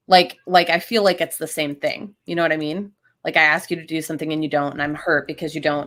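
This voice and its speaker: A woman's voice: low voice, fairly bright tone. A woman co-hosting a podcast, talking bluntly and swearing freely in casual chat. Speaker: podcast co-host.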